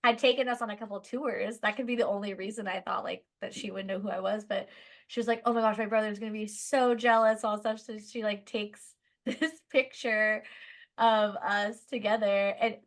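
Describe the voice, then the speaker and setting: A woman's voice: medium pitch, moderate pace. Chatty woman telling backstage stories. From Southern California. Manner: chatty, animated, lots of "like", laughs while telling stories. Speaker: guest musician. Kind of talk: casual podcast storytelling.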